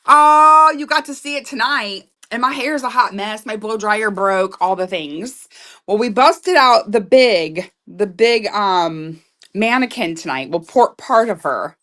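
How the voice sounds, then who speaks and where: A woman selling jewelry on a live stream in loud, excitable, chatty talk that keeps breaking into laughs. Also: medium pitch. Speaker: live online jewelry seller. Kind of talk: casual live-sale chat.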